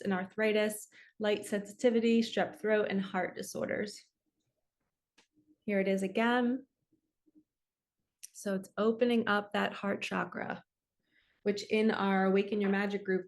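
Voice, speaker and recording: Woman, spiritual coach, heartfelt weekly reading, earnest and open, mid-pitched. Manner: earnest and open, laughs softly at herself.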